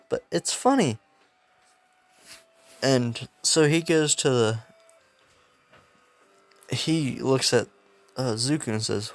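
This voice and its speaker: A man's voice: mid-range voice, animated, takes it slowly, long pauses. A young man casually telling a fan-made story, rambling and slangy, laughing at his own jokes.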